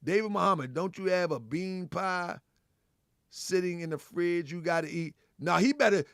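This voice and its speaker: A man hosting a live show, loud and animated, laughing often, repeating himself and calling out to his chat and callers. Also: a little high, moderate pace, vocal fry, dry recording. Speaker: livestream show host.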